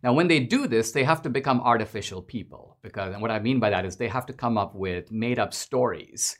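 A man's voice: medium pitch, fairly quick, few pauses, a bit bright. A man hosting a podcast, giving an emphatic, mocking political commentary monologue. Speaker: podcast host.

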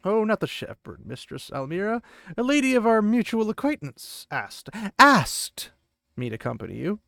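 A man's voice: high-pitched, sing-song, moderate pace, creaky, pushed and bright, dry recording, clean studio sound, voice pushed up, full character voice. A man voicing an old wandering minstrel who speaks in a courtly, eager-to-please way.

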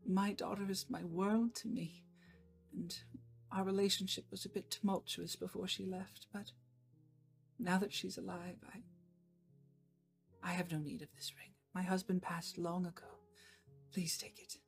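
A woman's voice: fairly low pitch, little pitch movement, measured pace, creaky, long pauses, pitched above the performer's own voice. A woman voicing a grateful, emotional middle-aged mother who pleads her thanks through tears, over faint guitar music. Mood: tearful gratitude.

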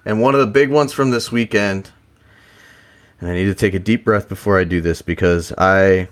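Young guy on a sports podcast, lowish voice, swears a lot, laid back banter. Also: moderate pace. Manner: profane, laughing banter. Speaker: podcast co-host. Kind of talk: casual sports chat.

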